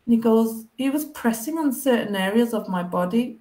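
Over a video call, a woman with a somewhat high voice tells her story as an interview guest, talking fast with few pauses. Animated and expressive, she keeps acting out past conversations in the voices of people she once knew.

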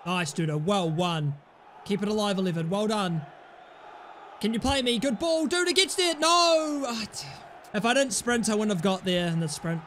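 A man with a very high, bright voice giving live gameplay commentary as he plays. He flips between low mutters and sudden yells, trading cheeky, sweary banter with his teammates. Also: moderate pace, a little hiss or hum. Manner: excitable, swings between muttering and yelling. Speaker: gaming YouTuber.

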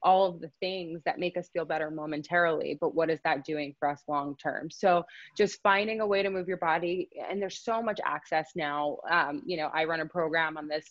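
A woman's voice: deep voice, brisk, few pauses, no room sound, dull audio. A woman guest on a podcast, speaking in an earnest, heartfelt way with many fillers. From United States. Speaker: podcast guest, fitness trainer. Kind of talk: casual interview chat.

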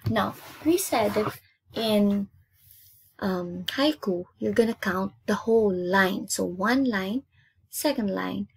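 A woman's voice: mid-range voice, slow pace, creaky, husky. A woman from Indonesia teaching an English lesson, repeating each word twice and counting out its syllables. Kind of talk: classroom lesson, spelled-out syllables.

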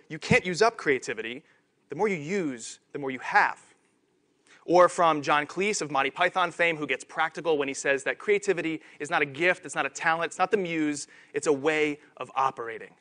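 A man giving a conference keynote talk on stage, animated and self-deprecating. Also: a little high. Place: conference stage before an audience.

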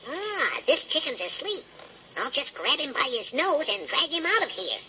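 A tiny, tough little chicken hawk. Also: male voice, extremely high pitch, sing-song, moderate pace, noisy background. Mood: earnest. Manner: tough-talking, earnest, naive. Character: tiny tough boy chicken hawk, cocky but gullible. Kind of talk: 1950s children's record acting. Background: music.

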